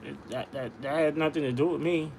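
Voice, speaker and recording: A man's voice: on the high side, fairly even intonation, brisk, vocal fry, darkish tone, a little hiss or hum. A man insistently arguing his point in casual livestream talk, repeating himself. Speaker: livestream host.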